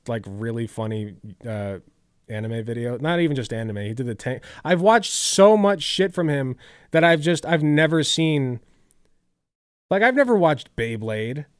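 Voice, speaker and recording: A man's voice: mid-range voice, dry recording, studio quality. A tired man live-streaming, chatting casually, rambling with lots of "like" and swearing.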